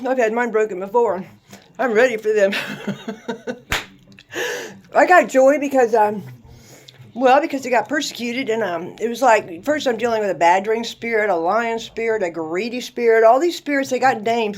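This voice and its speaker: A woman in her sixties with a slightly high voice, chatting casually to camera about faith. She jokes, laughs often and punctuates her points with little sound effects. She is blunt and swears now and then. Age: 60s. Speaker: vlogger. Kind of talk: casual faith-talk monologue.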